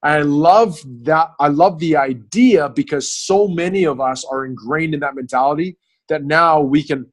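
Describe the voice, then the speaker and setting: A man's voice: on the high side, normal speed. A man hosting a group mastermind video call, coaching the group in an earnest way and often checking in with "right?". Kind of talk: motivational coaching talk.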